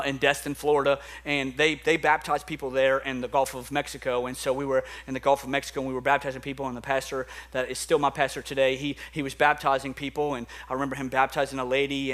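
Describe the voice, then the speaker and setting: Man, young, pastor, earnest emphatic preaching, bright voice, church sermon. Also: mid-range voice. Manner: earnest, emphatic, repeats words when fired up. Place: church sanctuary.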